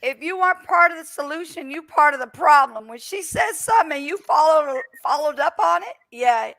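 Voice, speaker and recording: High bright-voiced woman, animated laughing host. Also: a little fast, gravelly. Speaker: live stream host. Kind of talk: casual live chat. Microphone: headset.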